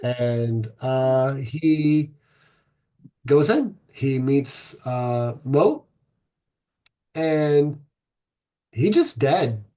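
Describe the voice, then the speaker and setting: A man hosting a podcast, retelling an ancient myth in a rambling, irreverent way, swearing and filling pauses with ums. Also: medium pitch, warm tone. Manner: rambling, irreverent, profane, many fillers. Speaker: podcast host.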